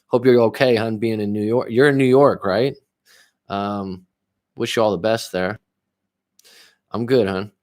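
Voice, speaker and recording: A man's voice: lowish voice, fairly even intonation, a little slow, long pauses, a little mellow. A man coaching viewers on a livestream, reading their comments aloud and answering them bluntly, with frequent swearing. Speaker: relationship coach.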